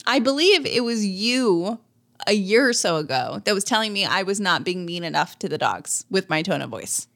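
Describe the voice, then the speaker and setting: A woman's voice: medium pitch, sing-song, normal speed, gravelly, a bit bright. Easygoing woman podcast co-host. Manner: easygoing, chatty storyteller. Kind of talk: casual chat.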